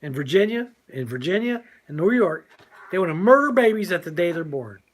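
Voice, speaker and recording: A man's voice: high voice, big pitch swings, a little fast. An older man co-hosting a casual talk show, speaking in a preachy, emphatic way and laughing often. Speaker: co-host.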